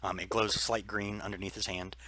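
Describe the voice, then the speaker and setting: A man's voice: lowish voice, little pitch movement, brisk, crowd noise. A man running a tabletop game as game master, describing scenes in a loose, rambling way with many fillers.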